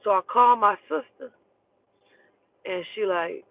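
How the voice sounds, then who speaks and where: A woman's voice: medium pitch, slow pace, vocal fry, pauses often. A woman telling a personal story in casual talk, blunt, profane and emotional. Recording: tinny phone-like dry sound.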